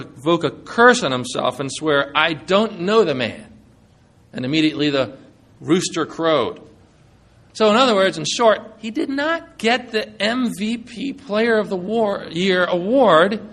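A male preacher giving a sermon, retelling scripture with animated storytelling and acting out the quoted lines. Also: sits high.

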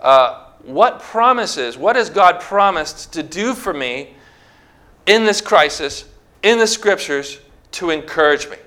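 A male pastor delivering a sermon with a bright, forceful voice pitched a little above the usual. He preaches emphatically, building to near-shouts as he drives his points home. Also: animated, takes it slowly.

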